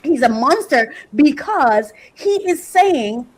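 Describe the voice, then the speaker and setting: A woman with a fairly high voice hosts a podcast and delivers opinionated commentary. She hammers her points home, repeating phrases for rhythm and tossing in affectionate asides to her listeners. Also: very animated, slow, slight background noise, poor audio. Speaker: podcast host.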